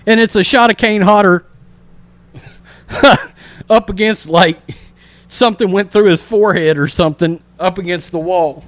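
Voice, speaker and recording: Lively man recapping a horror film. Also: high voice, unhurried, pauses often, dry recording. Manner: animated storyteller, imitates sounds and acts out reactions. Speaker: podcast host. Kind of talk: casual movie review podcast.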